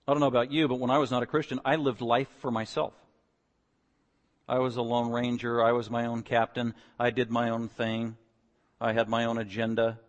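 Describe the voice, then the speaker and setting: Emphatic preaching man in a reverberant hall. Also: mid-range voice. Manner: emphatic, building to loud repeated declarations. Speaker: pastor. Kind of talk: sermon.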